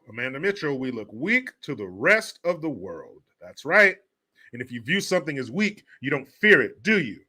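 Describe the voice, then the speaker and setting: A man's voice: mid-range voice, very animated, moderate pace, bright, forceful tone, husky. A man hosting a comedic political commentary show, talking in a crude, sarcastic way and laughing often. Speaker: host.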